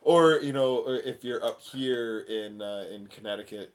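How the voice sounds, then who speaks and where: A man's voice: medium pitch, unhurried. A man from New England co-hosting a casual livestream chat, joking, reading chat comments aloud and acting out people he quotes. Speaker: livestream co-host.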